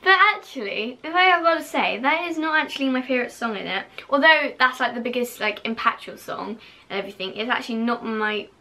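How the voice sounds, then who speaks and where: A young woman chats to her camera, gushing with a lot of fillers. Her voice is bright and a little high. At times she drops to a whisper. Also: lively intonation, fairly quick, few pauses. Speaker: vlogger. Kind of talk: casual chat to camera.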